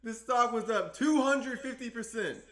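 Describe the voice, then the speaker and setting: A man hosting a stock trading video in an excited, exuberant, playful monologue, whooping often. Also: very high-pitched, moderate pace, roomy sound.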